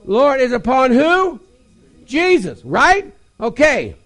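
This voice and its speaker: A man's voice: very high-pitched, huge pitch swings, slow, fairly bright tone. A man preaching a sermon, leading call-and-response, repeating key phrases and breaking into exclamations.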